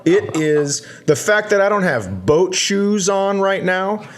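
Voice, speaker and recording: Brief: male podcast comic, rambling anecdote, self-mocking, deadpan punchlines. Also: high voice, takes it slowly. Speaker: podcast co-host telling a story. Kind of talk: comedic storytelling on a podcast.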